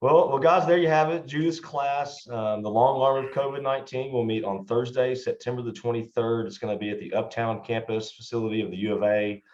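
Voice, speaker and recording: A man's voice: mid-range voice, steady tone, fairly quick, few pauses, darkish tone. A man in his thirties hosting an interview, friendly and hesitant with fillers. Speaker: interview host. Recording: dull echoey room sound.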